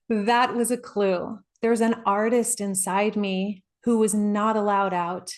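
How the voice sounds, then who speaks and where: A woman life coach giving a reflective, earnest motivational talk, personal in tone, with soft laughs along the way. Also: mid-range voice, level tone, slow, hardly any pauses.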